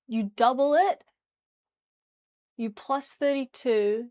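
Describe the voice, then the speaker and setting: A woman's voice: on the high side, animated, unhurried. Chatty young woman from New Zealand. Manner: rambling, chatty, hums and sings nonsense syllables while tidying. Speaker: livestreamer. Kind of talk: casual livestream chat. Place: her bedroom.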